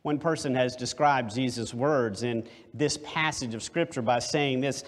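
Slow, deliberate male preacher. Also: mid-range voice. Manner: deliberate, emphatic, rhetorical questions. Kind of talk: sermon. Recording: long hall reverb.

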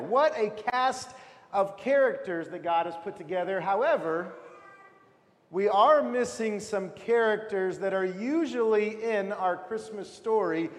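A man leading a children's Christmas nativity in a church, upbeat and coaxing the kids with stage cues. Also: high-pitched. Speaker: leader of a children's nativity play. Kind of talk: guiding a church Christmas pageant. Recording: long hall reverb.

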